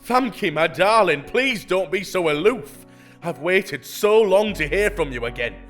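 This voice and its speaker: A man's voice: sits high, lively intonation, a little slow, fairly bright tone, voice pushed up, exaggerated voice. A man voicing a lovesick, melodramatic fake banker, reading over-the-top love letters over faint music. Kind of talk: reading bait emails aloud.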